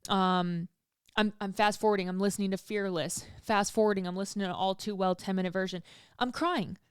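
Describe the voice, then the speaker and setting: A woman's voice: medium pitch, fairly even intonation, fairly quick, clean tone, dry recording, studio quality. A young woman hosting her own podcast, talking candidly and casually, swearing freely and laughing at herself, pregnant and feeling emotional. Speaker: podcast host. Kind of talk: casual solo podcast chat.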